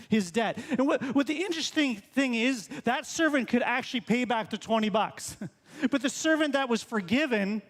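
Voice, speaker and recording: A man's voice: very high voice, in a large hall. A male pastor preaching a sermon in a conversational way, full of rhetorical questions. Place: church sanctuary.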